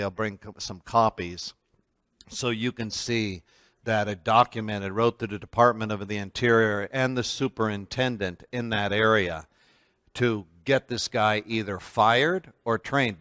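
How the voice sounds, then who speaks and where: A man teaching a church history class, telling a story in an animated, emphatic way with frequent restarts. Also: lowish voice, clean tone, dry recording, studio quality. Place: church meeting room.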